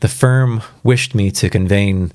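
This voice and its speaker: A man's voice: lowish voice, measured pace, no room sound, studio quality, natural voice. A man doing a grave, formal messenger. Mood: somber. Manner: quiet, formal. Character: uneasy formal male messenger, grave and restrained.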